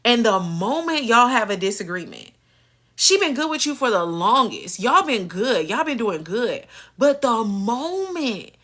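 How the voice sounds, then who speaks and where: A woman's voice: on the high side, sing-song, a little slow, a bit bright. A woman hosting a live recap stream in a casual, sassy style. She laughs often and mimics the characters as she talks. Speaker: host of a live soap-opera recap stream.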